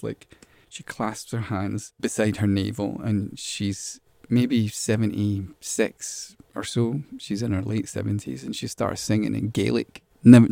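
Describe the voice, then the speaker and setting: A man's voice: on the low side, vocal fry, mellow, no room sound. A man being interviewed as a musician, talking casually and rambling, repeating words as he thinks. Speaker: musician guest.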